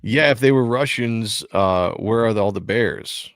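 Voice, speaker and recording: A man's voice: on the low side, a little slow, dry recording. Man, comic book review co-host, casual chat, dry close sound, jokey. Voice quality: animated, jokey, acts out dialogue. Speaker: podcast co-host.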